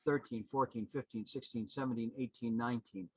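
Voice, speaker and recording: A man in his seventies, a podcast guest and historian, telling anecdotes in an animated, rambling way with many restarts. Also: medium pitch, a little fast, slightly rough, dry recording, rough recording. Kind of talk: anecdotal storytelling.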